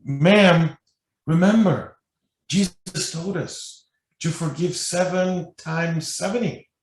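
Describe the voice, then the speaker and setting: Man quoting a gentle, patient counselor. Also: a little high. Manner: gentle, measured. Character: kind, patient male spiritual counselor. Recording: echoey room, mic at a distance.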